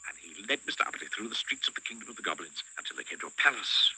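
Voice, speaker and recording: A man narrating a children's storybook with a highly expressive, swooping delivery. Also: very fast, slightly rough, poor audio. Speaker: audiobook narrator.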